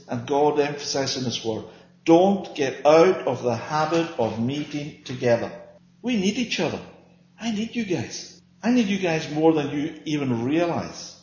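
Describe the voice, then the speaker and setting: A man's voice: on the high side, a little mellow, a little hiss or hum. An earnest man leads a small-group Bible teaching, pressing his points and answering his own questions. The recording is roomy and a bit dull, with faint ambience behind him.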